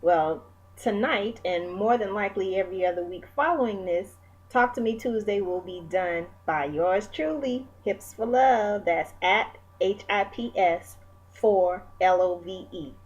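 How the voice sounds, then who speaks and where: A woman's voice: mid-range voice, measured pace, breathy edge, lo-fi sound. A woman in her forties sharing a candid, encouraging personal reflection in a vlog, talking with many fillers and asides. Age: 40s. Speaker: vlogger.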